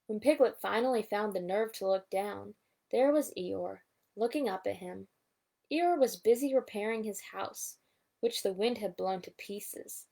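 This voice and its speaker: A woman's voice: medium pitch, a little slow, creaky, mellow. A woman reading a children's storybook aloud, adding asides about the pictures. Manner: reads with asides pointing at pictures. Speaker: storybook reader. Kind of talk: bedtime story read-aloud.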